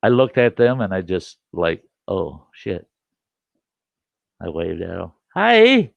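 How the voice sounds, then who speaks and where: Gravelly older man telling a campfire story. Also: low-pitched, normal speed, no room sound. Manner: animated, acts out yelling at his camera. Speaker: storyteller host. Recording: dull, slightly lo-fi and dry.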